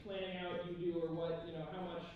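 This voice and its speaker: Brief: hesitant male audience member from Alaska, high voice, distant and echoey in a convention hall. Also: level tone, fast, muffled recording. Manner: hesitant, many ums and restarts. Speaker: audience member asking a question. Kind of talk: question at a panel mic. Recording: echoey hall from far off, noisy.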